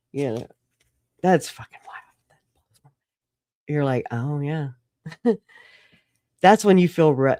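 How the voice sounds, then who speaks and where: A woman's voice: low voice, a little mellow, no room sound, studio quality. A woman hosting a casual solo livestream, rambling through stories, swearing and laughing often. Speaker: livestream host.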